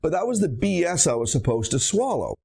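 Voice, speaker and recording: A man's voice: a little high, very animated, a little fast, gravelly, a little mellow, husky. A middle-aged man, a dentist, lecturing bluntly on practice finances with emphatic storytelling and rhetorical questions.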